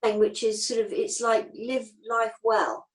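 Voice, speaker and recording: A woman's voice: on the high side, measured pace, low-quality recording. A woman in her fifties, a straight-talking acupuncturist chatting as a guest in an interview, explaining things with homely everyday comparisons. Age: 50s. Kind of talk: casual interview chat.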